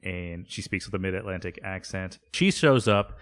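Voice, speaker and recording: A man's voice: low-pitched, moderate pace. A man co-hosting a casual comedy podcast, recapping a sitcom episode, laughing often and jumping into silly voices.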